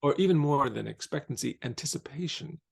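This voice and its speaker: A man who teaches philosophy, a podcast guest explaining ideas in a measured, reflective way. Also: fairly high pitch, lively intonation, vocal fry, slightly rough. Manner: thoughtful, measured, slows down on key phrases.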